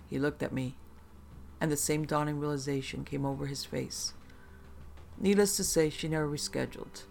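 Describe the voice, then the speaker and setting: A narrator telling a first-person horror story in a dry, measured way with slow dramatic pauses, over a faint music bed. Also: medium pitch, steady tone, vocal fry, a little mellow.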